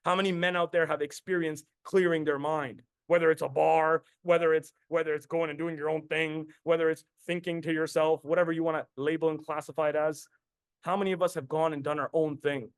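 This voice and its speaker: A man's voice: a little high, flat delivery, fairly quick, clear, resonant tone, dry recording. A man in his thirties from Canada, telling a personal story as a motivational host in an intense, repetitive way, swearing freely. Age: 30s. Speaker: podcast host and business coach.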